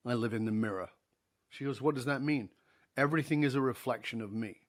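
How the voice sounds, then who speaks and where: Middle-aged man telling a lively story. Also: mid-range voice, fairly quick. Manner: animated storyteller, acts out dialogue, laughs easily. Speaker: podcast guest. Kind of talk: storytelling interview.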